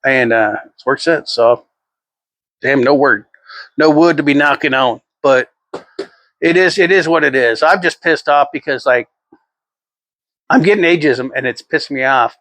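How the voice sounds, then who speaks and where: A man's voice: mid-range voice, moderate pace, long pauses, fairly bright tone, dry recording. A middle-aged man rambling through a casual vlog monologue, swearing freely and chuckling often. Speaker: vlogger.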